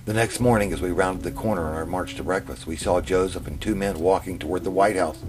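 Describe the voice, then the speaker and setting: A man telling his own memoir in the first person, in a plain, steady way. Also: low voice, fast, background noise. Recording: music playing under the narration.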